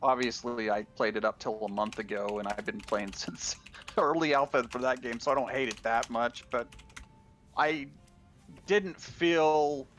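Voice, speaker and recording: A man's voice: medium pitch, a little slow, fairly bright tone, faint music behind. Rambling male gamer on a podcast. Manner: rambling, restarts often, laughs while talking. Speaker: podcast co-host. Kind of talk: casual gaming chat.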